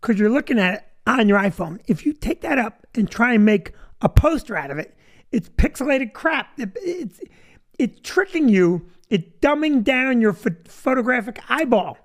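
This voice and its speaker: Wisecracking middle-aged comedian host, lively voice. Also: male voice, extremely high pitch, normal speed. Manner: wisecracking, joking asides. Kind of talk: casual live-stream chat.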